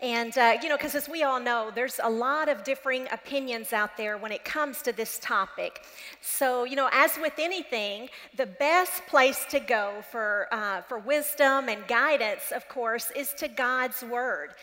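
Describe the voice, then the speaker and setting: A woman's voice: on the high side, a little slow, pushed and bright, in a large hall. A woman co-preaching a sermon as pastor in a conversational way.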